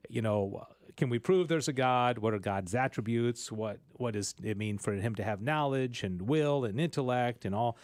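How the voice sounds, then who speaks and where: A man hosting a radio show, explaining things in a rambling, animated way. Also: medium pitch, moderate pace, few pauses, dry recording, clean studio sound. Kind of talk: casual teaching chat. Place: radio studio.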